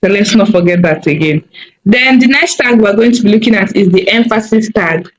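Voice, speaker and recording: A woman teaching a coding tutorial over a screen recording, thinking aloud slowly with many fillers and small self-corrections. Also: medium pitch, lo-fi sound, a little hiss or hum.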